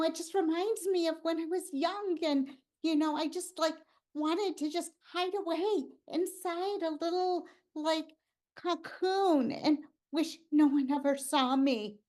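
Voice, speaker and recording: A woman in a live improv scene, playing a shy, easily stressed woman who wants quiet, speaking hesitantly with trailing phrases. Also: extremely high pitch, fairly even intonation, unhurried. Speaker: improv performer.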